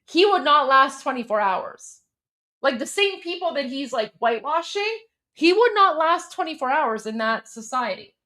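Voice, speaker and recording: A woman's voice: sits high, sing-song, moderate pace, sharp tone. A young adult woman from Iran, hosting a live stream and reacting to a hearing with heated, scornful commentary, often repeating herself for emphasis.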